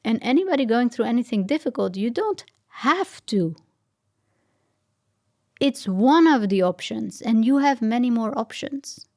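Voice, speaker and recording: This woman's voice is mellow and on the high side, with lively intonation and an unhurried pace. She's a podcast guest sharing a personal story in an earnest, reflective manner, her voice sinking to near-whisper when things get tender.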